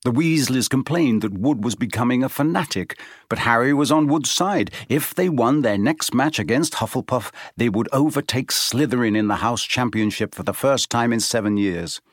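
A man's voice: medium pitch, dry recording. Man reading an audiobook, dry close sound. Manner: measured, steady storytelling. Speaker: audiobook narrator. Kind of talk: scripted audiobook narration.

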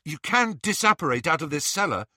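A man's voice: on the high side, very animated, fairly quick, pushed and bright, no room sound, studio quality, pitched above the performer's own voice, exaggerated voice. A man voicing a brave, urgent teenage boy in an audiobook reading. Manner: urgent, whispering and pleading.

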